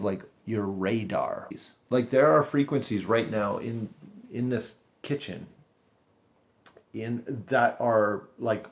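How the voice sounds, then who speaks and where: Guy rambling thru a story in his kitchen, laughs a lot, lots of restarts, mid pitch. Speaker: podcast host. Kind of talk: casual storytelling monologue. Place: home kitchen.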